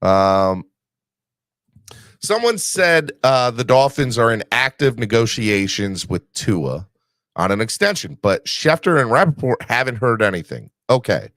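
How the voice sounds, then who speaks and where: A man's voice: mid-range voice, very animated, unhurried, a bit bright, no room sound. A man hosting a casual sports podcast, rambling with restarts while recovering from an illness. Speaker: podcast host.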